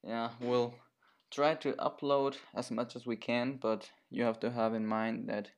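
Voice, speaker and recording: A young man co-hosting a casual podcast, hesitant and halting as he talks. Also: mid-range voice, level tone. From Germany and Chile. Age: young adult. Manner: halting, hesitant, restarts a lot. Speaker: podcast co-host.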